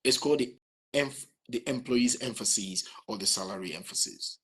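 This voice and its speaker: A man's voice: medium pitch, normal speed, a bit bright, husky. A man giving a motivational lecture, repeating phrases and asking rhetorical questions. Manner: repetitive, asks rhetorical questions. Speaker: motivational speaker.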